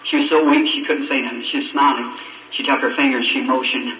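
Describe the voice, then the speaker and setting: A man's voice: medium pitch, fast talker, bright, forceful tone. A man from preaching a storytelling sermon, folksy and heartfelt, with stammering restarts. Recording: old echoey church recording, distant mic, muffled, hiss.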